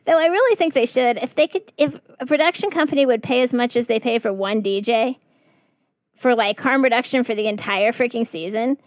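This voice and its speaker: A woman working in festival harm reduction, telling stories in a casual podcast chat, animated and laughing often. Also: on the high side, normal speed, no room sound, clean studio sound.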